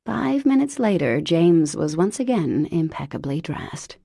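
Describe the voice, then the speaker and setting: Slow, husky woman narrating. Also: deep voice, sing-song, dark tone, no echo, clean studio sound. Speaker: audiobook narrator. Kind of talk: scripted narration.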